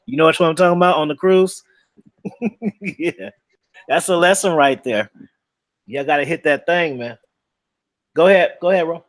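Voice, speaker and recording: Playful man with a higher voice. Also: moderate pace, pauses often, no echo. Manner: playful, plugs the channel. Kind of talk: casual group chat.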